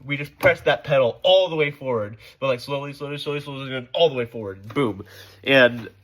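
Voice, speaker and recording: A man's voice: mid-range voice, brisk, a bit bright. A man giving casual spoken feedback on a choir rehearsal, rambling with many fillers and restarts, enthusiastic about musical detail. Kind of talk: casual spoken critique and explanation.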